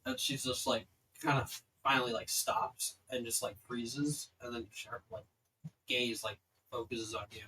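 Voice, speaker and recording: A man's voice: medium pitch, lively intonation, a little slow, pushed and bright, slight background noise, poor audio. A young man running a tabletop game as dungeon master, narrating casually with lots of filler words. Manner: rambling, filler-heavy narration.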